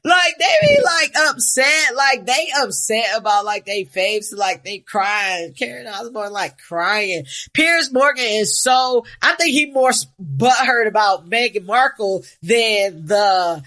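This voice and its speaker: A woman's voice: mid-range voice, takes it slowly, hardly any pauses, pushed and bright. A woman co-hosting a podcast in casual, profane chat, blunt and rambling. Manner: blunt, rambling, swears freely. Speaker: podcast co-host.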